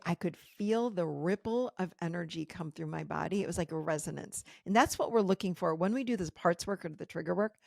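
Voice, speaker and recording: Middle-aged female podcast host, low gravelly voice, candid storytelling with quoted dialogue, dry close sound. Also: a little mellow, no room sound. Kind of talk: personal storytelling.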